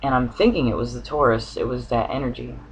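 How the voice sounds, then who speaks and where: A man's voice: mid-range voice, fast talker, creaky, slight background noise, low-quality recording. A man telling a personal dream story to the camera, earnest and searching for words, with an occasional cough. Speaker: spiritual vlogger.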